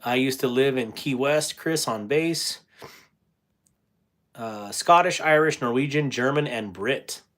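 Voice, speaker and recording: A man's voice: mid-range voice, slow, fairly bright tone. A middle-aged man chatting casually on a livestream, reading viewer comments aloud and laughing often. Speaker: livestream host.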